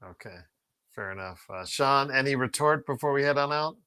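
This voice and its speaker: A man's voice: medium pitch, lively intonation, normal speed, pushed and bright, clear, resonant tone. A man hosting a casual sports podcast, easygoing and laughing as he wraps up the show. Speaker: podcast host.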